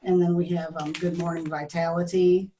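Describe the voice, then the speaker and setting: A middle-aged woman speaking as an interview guest in a lowish voice. She rambles in a nervous, chatty way, restarting sentences and losing her thread. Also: level tone, moderate pace, mellow, distant mic, highs cut off, slight background noise. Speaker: guest, tea business co-owner. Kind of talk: casual interview chat.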